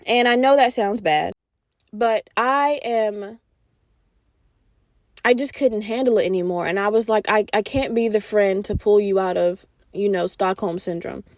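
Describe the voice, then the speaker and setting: A young woman hosting a podcast, telling a personal story in a candid, profane, animated way, quoting herself and her friend. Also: medium pitch, measured pace, no echo, clean studio sound. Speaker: podcast host. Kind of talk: casual storytelling monologue.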